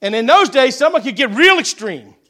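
A middle-aged male pastor preaching a sermon, telling folksy stories that swell into shouted preaching. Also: extremely high pitch, very animated, a little fast.

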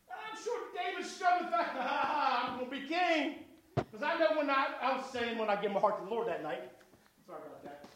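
A middle-aged male pastor preaching a sermon, telling folksy stories that swell into shouted preaching. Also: extremely high pitch, noisy background.

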